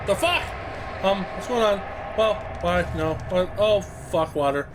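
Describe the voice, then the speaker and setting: Excitable male let's-play commentator, slightly high voice, faint hiss behind, talks back to the game. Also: moderate pace. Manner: excitable, swears a lot, chatters to objects in the game. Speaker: gameplay commentator.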